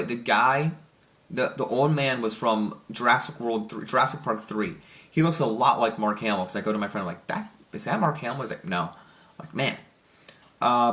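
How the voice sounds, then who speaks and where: Excitable young man rambling through a review. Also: on the low side. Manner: rambling, excited, many restarts and "like" fillers. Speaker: film reviewer. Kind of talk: casual spoken movie review.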